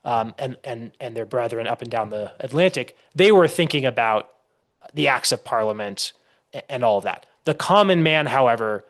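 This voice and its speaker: A man's voice: medium pitch, animated, normal speed, a bit bright. A man, a historian being interviewed on a podcast, explaining at length with frequent restarts and storytelling. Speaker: historian guest.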